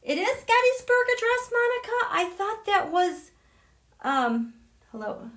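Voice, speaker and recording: A woman's voice: very high-pitched, sing-song, fairly bright tone. A woman hosting a live tarot stream, chatting casually with viewers and reading their comments aloud. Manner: chatty, reads viewer comments aloud, recites quotes slowly.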